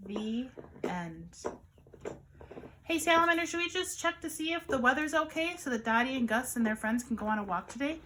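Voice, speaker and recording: A woman, a children's caregiver, reading a picture book aloud to children in an animated, sing-song storytelling manner. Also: high voice, quick pace, few pauses, background noise.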